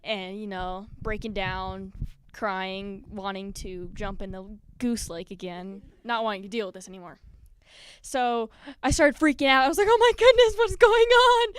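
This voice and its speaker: With a clean, medium-pitched voice at a measured pace, a woman shares a personal story on stage at a live community event. She's nervous and giggly, animatedly acting out scenes and quotes as a spoken word performer, and the recording is dry.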